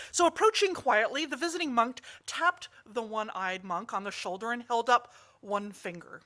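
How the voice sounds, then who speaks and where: Bright-voiced woman telling a parable. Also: on the high side, moderate pace, few pauses. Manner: animated storyteller. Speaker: storyteller in a worship service. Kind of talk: storytelling during a sermon.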